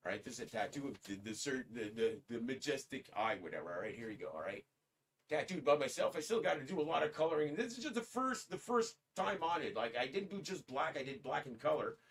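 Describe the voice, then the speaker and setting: A man's voice: medium pitch, sing-song, quick pace, breathy edge, distant mic. A man hosting a casual livestream, rambling and talking straight to his chat as "guys". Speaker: livestream host. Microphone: streaming setup.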